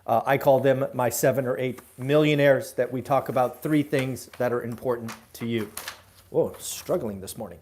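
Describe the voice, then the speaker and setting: A man's voice: medium pitch, normal speed, darkish tone. A middle-aged man hosting a live daily real estate show from his room at home, giving direct, emphatic advice with frequent "uh" fillers. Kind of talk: live solo talk to camera.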